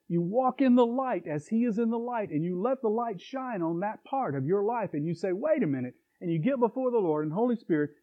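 A middle-aged man preaching a sermon in a conversational way, with chuckles and asides. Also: high-pitched. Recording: tinny phone-like recording.

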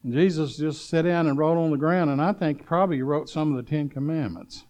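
A man preaching a sermon, swinging between loud urgent calls and hushed storytelling, asking the congregation if they are listening. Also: on the high side, brisk.

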